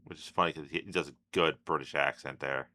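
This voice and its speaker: A man hosting a reaction video who thinks out loud, trails off mid-sentence and cuts in with offhand asides. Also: rumbling low, fairly even intonation, fast talker. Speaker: reaction channel host. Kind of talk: casual reaction commentary.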